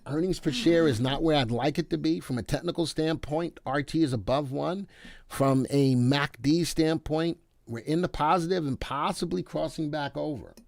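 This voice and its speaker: A man's voice: fairly high pitch, normal speed, creaky, a little mellow, dry recording. Male live-stream stock host, joking and easygoing, dry sound. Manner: chatty and playful, talks to viewers by name.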